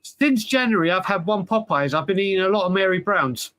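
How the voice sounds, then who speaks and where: A man's voice: sits high, lively intonation, brisk, fairly bright tone, no echo. A man in his forties, co-hosting a podcast and trading casual banter, self-mocking about the teasing he gets. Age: 40s. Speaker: podcast co-host.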